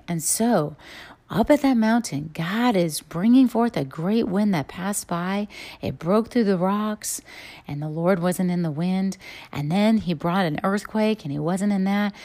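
A woman's voice: a little slow, dark tone. A woman giving an earnest sermon-style teaching and closing prayer, sometimes raising her voice to act out quoted speech. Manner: earnest, acts out quoted voices with rising pitch. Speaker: teaching minister.

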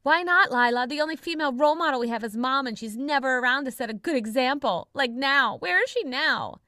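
A woman voicing a young boy who complains, high and whiny. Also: lively intonation, fairly quick, pushed and bright, no room sound, studio quality. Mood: whining.

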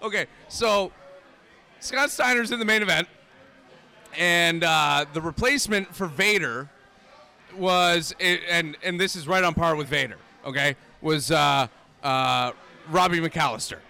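A man's voice: fairly high pitch, measured pace, creaky, pushed and bright. A man and comedian chatting on a podcast, telling rambling stories with restarts and laughs. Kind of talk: casual chat, storytelling.

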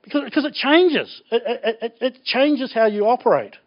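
A man preaching a sermon in an animated, joking way, laughing often. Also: very high-pitched, moderate pace. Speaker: pastor. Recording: dull lo-fi recording.

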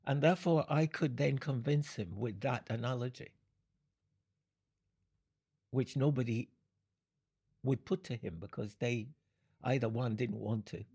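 An older man speaks in a deeply gravelly, very husky voice, with a rough edge running through his words. He answers audience questions slowly and haltingly, often stopping for a small chuckle. His pitch sits at an ordinary level. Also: warm tone. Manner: unhurried, halting, explanatory, chuckles between points. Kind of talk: Q and A talk.

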